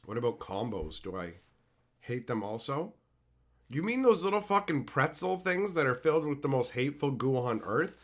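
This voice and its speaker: A young man from Canada, a streamer reading his live chat and ranting in loud, profane, mock-outraged bursts. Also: mid-range voice, very animated, normal speed. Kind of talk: casual rant to live chat.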